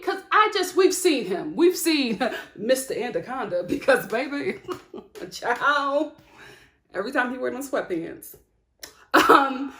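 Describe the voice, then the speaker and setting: A woman giving an outspoken, animated recap of a reality TV show to camera, laughing often as she talks. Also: on the high side. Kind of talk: sassy recap commentary to camera. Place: home studio with lights. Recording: echoey room.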